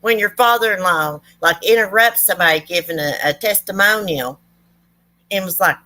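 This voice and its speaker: A woman's voice: mid-range voice, normal speed, bright, forceful tone. A woman telling folksy stories to her viewers in a chatty, rambling way. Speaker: true crime channel host. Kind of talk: casual storytelling to viewers.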